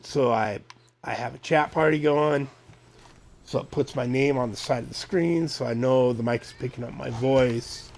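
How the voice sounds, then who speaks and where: A middle-aged man streaming a video game, rambling casually and thinking out loud as he plays. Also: mid-range voice, normal speed, creaky, a little hiss or hum. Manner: rambling, relaxed, thinking aloud with fillers. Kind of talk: casual gameplay chatter.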